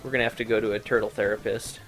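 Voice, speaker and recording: A man's voice: on the low side, steady tone, a little fast, fairly bright tone, poor audio. Guy cracking jokes while playing an old arcade game, faint game music behind. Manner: jokey, trash-talking. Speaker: gaming show co-host. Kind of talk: casual let's-play banter.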